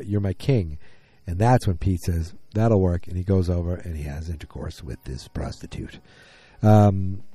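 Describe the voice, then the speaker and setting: A man's voice: deep voice, mellow, husky, no room sound. A man casually recapping a TV episode, rambling with many ums and restarts while retelling scenes and quoting characters. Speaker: TV show recapper.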